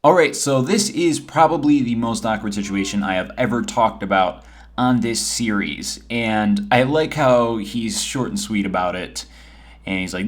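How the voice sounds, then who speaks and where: A man's voice: on the low side, moderate pace. A man in his twenties giving joking, rambling advice over gameplay in a casual vlog. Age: 20s. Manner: joking, rambling, self-deprecating.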